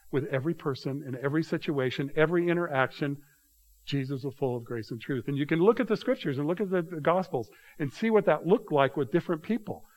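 A man's voice: medium pitch, poor audio. A man preaching a sermon as pastor, reading scripture aloud with rising emphasis and talking straight to his congregation. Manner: addresses congregation directly as "you guys".

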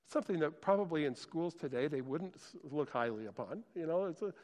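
A man preaching a sermon, retelling scripture in animated storytelling and acting out the voices. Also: on the high side, fairly quick, in a large hall. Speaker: pastor.

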